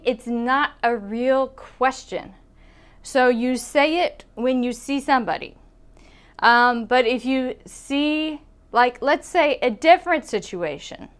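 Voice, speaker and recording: A woman teaching English pronunciation, modeling phrases slowly and checking in with "okay?" as she goes. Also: sits high. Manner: repeats phrases, checks in with "okay?", laughs often.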